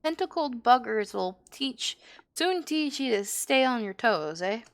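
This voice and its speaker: A woman's voice: on the high side, expressive, unhurried. A woman voicing a sly male rogue guild master, reading his slang-heavy lines aloud. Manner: reads the lines aloud in rough old slang.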